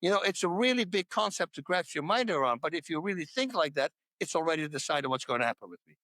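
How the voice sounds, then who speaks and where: A man's voice: a little high, animated, fast, bright, forceful tone, no room sound. A man talking as a podcast guest in a casual interview about faith, pressing his points home with repetition. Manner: emphatic, repeats points to hammer them home.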